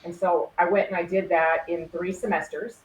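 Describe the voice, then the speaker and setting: A woman's voice: fairly low pitch, fairly even intonation, moderate pace, a little hiss or hum. A woman in her forties, a former crime scene investigator, telling stories earnestly in an interview and laughing easily. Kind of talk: conversational storytelling interview. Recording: roomy echo with faint ambience.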